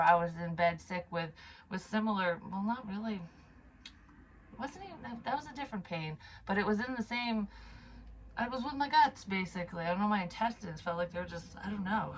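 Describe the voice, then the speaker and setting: A woman's voice: mid-range voice, a little hiss or hum, poor audio. A woman psychic medium telling a personal story to camera in a casual, frank way, swearing freely, sighing and trailing off mid-sentence.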